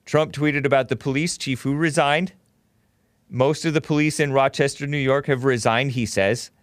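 A man's voice: mid-range voice, fairly even intonation, moderate pace, dry recording, studio quality. A man hosting a call-in talk show, arguing with and interrupting callers.

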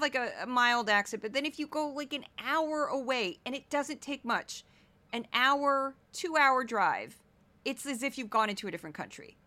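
Bright-voiced sarcastic woman from Missouri. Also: sits high. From Missouri, United States. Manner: mocking, animated, laughs at clips. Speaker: political commentary host. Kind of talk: casual sarcastic commentary on news clips.

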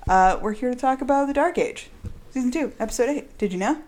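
A woman's voice: a little high, lively intonation, a little fast, a little mellow. Giggly woman hosting a podcast. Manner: giggly, playful, stumbles over words. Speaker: podcast host. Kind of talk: casual podcast chat. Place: echoey room.

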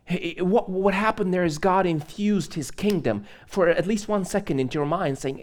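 A man's voice: sits high, normal speed, few pauses. A man preaching a live sermon in church, from Moldova, chatty and conversational, laughing and adding asides. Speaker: pastor.

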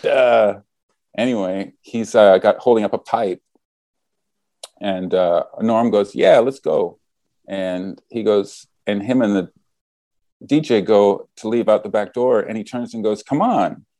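A man's voice: lowish voice, steady tone, unhurried, mellow, no echo. A man casually telling a story, acting out the quoted lines as he goes.

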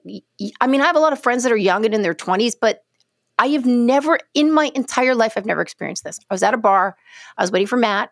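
A middle-aged woman co-hosting a podcast, telling stories in a casual chat with lively, halting restarts. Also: fairly high pitch, creaky, no echo, clean studio sound. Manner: animated storyteller, trails off mid-sentence. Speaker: podcast co-host.

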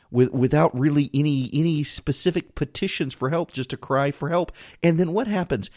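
A man's voice: on the high side, expressive, normal speed, darkish tone, no echo. Earnest man on a dry close mic. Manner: earnest, pleading, with frequent restarts and stumbles. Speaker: podcast host. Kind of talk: reflective devotional monologue.

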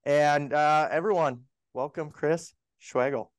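A man's voice: a little high, fairly even intonation, slow pace, no echo, studio quality. A man with a North Dakota accent hosting a podcast, enthusiastic and full of "um" and "guys". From North Dakota, USA. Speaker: podcast host.

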